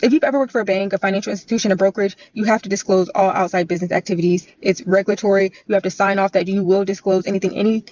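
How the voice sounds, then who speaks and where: A woman's voice: mid-range voice, fairly even intonation, darkish tone, no echo, highs cut off. A woman who works in banking, telling a story about a coworker and explaining the rules step by step. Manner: fast, explanatory. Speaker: bank employee telling a story. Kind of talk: casual storytime vlog.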